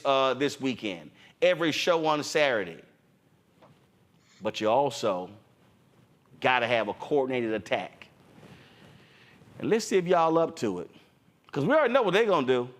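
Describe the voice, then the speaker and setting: A man's voice: fairly high pitch, expressive, moderate pace, long pauses, a bit bright. A middle-aged man hosting a political talk show, delivering impassioned, preachy commentary and acting out politicians' voices.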